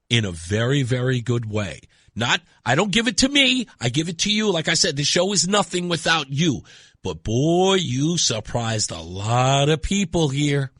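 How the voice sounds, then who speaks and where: A man's voice: on the high side, a bit bright, no room sound, studio quality. A man hosting a radio talk show, delivering an emphatic monologue and repeating words for effect.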